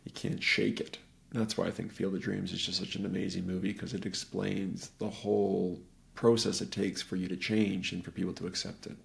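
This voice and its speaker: Gravelly man rambling through a movie retelling. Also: sits low, level tone, normal speed. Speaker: podcast host. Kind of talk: casual podcast chat.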